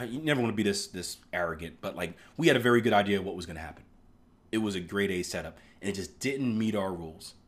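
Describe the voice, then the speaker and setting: A man teaching trading in a casual live stream, chatty, who keeps asking "right?" and acts out his stories. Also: mid-range voice. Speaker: trading instructor.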